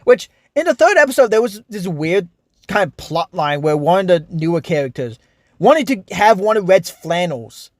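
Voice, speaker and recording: A man's voice: sits high, big pitch swings, moderate pace, no room sound, clean studio sound. A young man giving a casual, frustrated, rambling review of a TV show, full of restarts and fillers.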